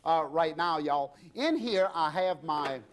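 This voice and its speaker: Jovial high-voiced chef. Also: male voice, expressive, takes it slowly, a little hiss or hum. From Louisiana. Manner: jovial and chatty, jokes with guests and crew, warm banter; loose unscripted delivery with many fillers. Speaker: TV cooking show host and chef. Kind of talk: live cooking demonstration.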